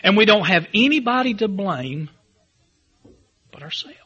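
A man's voice: high voice, lively intonation, a little slow, bright, forceful tone, slightly rough, dull audio. A man preaching a sermon, building emphasis through repetition and reading scripture aloud in old-fashioned wording. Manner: reads scripture in King James wording. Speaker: pastor.

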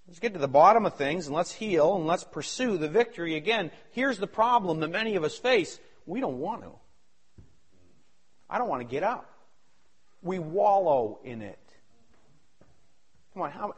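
A man preaching a sermon with great fervor, dropping to low mutters and rising to shouted exhortations as he acts out the voices in Bible stories. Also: animated, moderate pace, pauses often, slightly rough. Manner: fervent, swings from low mutters to high shouts.

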